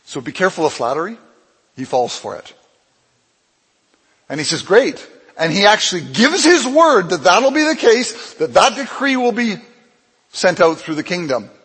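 A man preaching in a fairly high, husky voice, telling a Bible story and acting out its voices with big swings in pitch and loudness. His words ring out with a long reverb, as if he speaks in a church hall. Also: sing-song, normal speed, long pauses. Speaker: pastor. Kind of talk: sermon.

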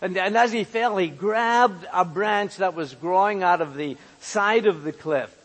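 A man's voice: sits high, measured pace, fairly bright tone, long reverb tail. A man pastor giving an earnest sermon, often repeating words as he searches for the next one. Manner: earnest, repeats words while finding them.

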